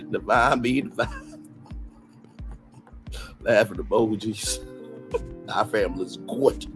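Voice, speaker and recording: A man with a Southern US accent runs a late-night livestream, sassy and animated as he reads viewer comments aloud. His voice is lowish, and the recording is rough.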